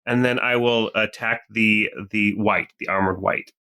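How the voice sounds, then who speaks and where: A man playing a tabletop game, calling out his attacks in a brisk, matter-of-fact way. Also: on the low side, fairly even intonation, pushed and bright. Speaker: player.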